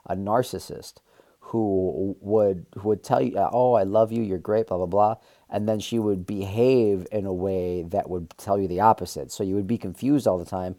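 A man delivers a solo podcast rant, rambling and candid and full of swearing. His voice sits a little low with a dark, mellow warmth. He talks casually, circling back on his points as he goes. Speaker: podcast host.

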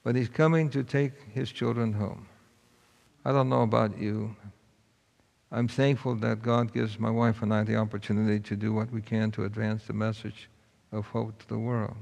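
A man's voice: lowish voice, little pitch movement, moderate pace, creaky, darkish tone. A man preaching a sermon, telling a story in a folksy, earnest way. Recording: long hall reverb.

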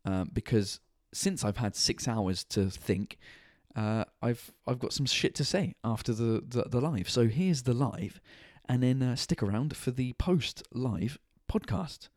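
A man's voice: mid-range voice, lively intonation, unhurried, hardly any pauses, a little mellow, dry recording, studio quality. A tired man, hosting his own podcast and livestream from his kitchen, rambling casually and swearing freely. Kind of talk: casual chat. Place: home kitchen at night.

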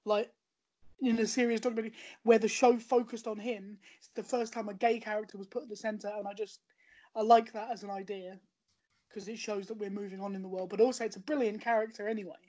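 A woman's voice: medium pitch, fairly even intonation, quick pace, mellow. A woman chatting in a rambling way about a show she recommends, often restarting her sentences. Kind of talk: casual podcast chat.

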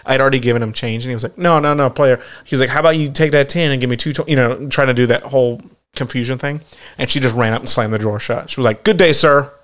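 A man's voice: mid-range voice, fairly even intonation, fast talker, a bit bright. A man in his thirties co-hosting a podcast, rambling through stories in casual chat, swearing often and laughing at himself. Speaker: podcast co-host.

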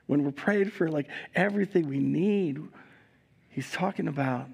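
A male pastor giving a communion sermon in a live church service, reading scripture expressively and adding relaxed, conversational asides. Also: on the high side, unhurried, creaky, husky. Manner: reads scripture expressively, raising voice for quoted speakers.

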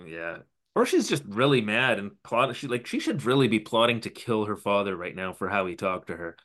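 A man's voice: lowish voice, sing-song, moderate pace, fairly bright tone. A man co-hosting a podcast, recapping a TV episode in a wry, rambling way. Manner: wry, dry, rambling narration. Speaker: podcast co-host.

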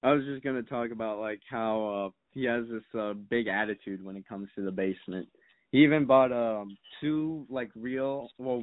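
A young adult man, guesting on a podcast, tells rambling, mock-serious stories loaded with fillers and swearing. His voice is lowish, and the sound is dry and tinny, like a phone, with no room ambience.

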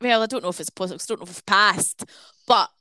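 A woman's voice: medium pitch, bright, forceful tone, no room sound. A woman co-hosting a podcast in casual chat, giggly and self-mocking. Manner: giggly, self-mocking, talks in quick bursts. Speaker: podcast co-host.

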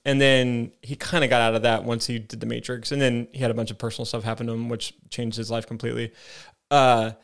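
A man's voice: medium pitch, flat delivery, fast, vocal fry, smooth. A man co-hosting a podcast, chatting casually and enthusiastically about movies and often restarting his sentences. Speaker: podcast co-host.

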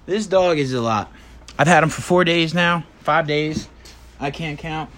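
A man's voice: a little high, measured pace, fairly bright tone. A man hosting a casual solo podcast from his bedroom, rambling and joking with plenty of swearing. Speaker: podcast host.

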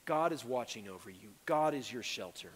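A pastor preaching a sermon with earnest urgency, rising to loud pleas and dropping to hushed tones. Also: male voice, medium pitch, animated, normal speed, husky, big-room sound. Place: church sanctuary.

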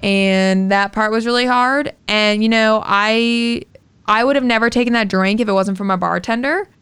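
A woman's voice: fairly high pitch, normal speed, a bit bright, clean tone, no echo. Candid young woman telling a story. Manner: candid, swears freely, fillers like "like". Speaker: podcast co-host. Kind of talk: casual storytelling chat.

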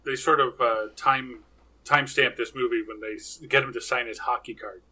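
A man chatting casually on a podcast, making wry, deadpan jokes. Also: mid-range voice, normal speed, husky, low-quality recording. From Canada. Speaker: podcast guest. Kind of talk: casual chat.

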